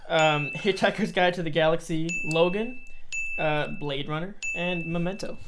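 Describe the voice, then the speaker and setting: A young man from upstate New York co-hosting a casual movie chat, playful and quick to laugh. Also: fairly high pitch, background noise. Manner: giggly, playful banter. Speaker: co-host.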